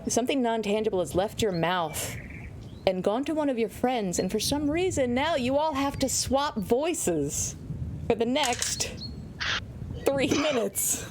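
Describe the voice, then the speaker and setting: A woman running a tabletop game as game master, narrating in an animated, playful way. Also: on the high side, unhurried, background noise.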